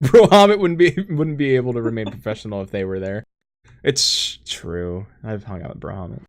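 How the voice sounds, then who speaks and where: A man's voice: lowish voice, brisk. An American man hosting a casual gaming podcast, joking, reading chat aloud and laughing often. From United States. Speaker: podcast host.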